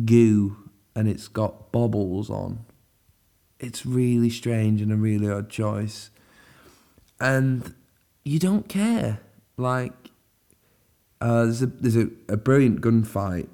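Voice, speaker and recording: A man's voice: on the low side, warm tone. Chatty man reviewing a film. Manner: chatty and rambling, with many fillers and restarts. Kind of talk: casual spoken film review.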